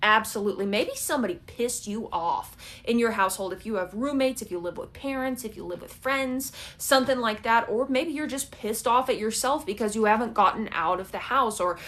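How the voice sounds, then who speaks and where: A woman's voice: fairly high pitch, fairly quick, few pauses, fairly bright tone. Chatty woman doing a tarot reading. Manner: chatty, keeps checking in with "okay?"; blunt, swears casually. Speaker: tarot reader. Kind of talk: casual pick-a-card tarot reading.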